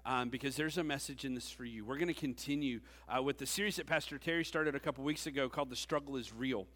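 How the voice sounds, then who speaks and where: A youth pastor in his forties delivers a conversational sermon in a church sanctuary, tossing joking asides to the congregation. His mid-range voice is fast and fairly bright, carried by the long reverb of the church hall.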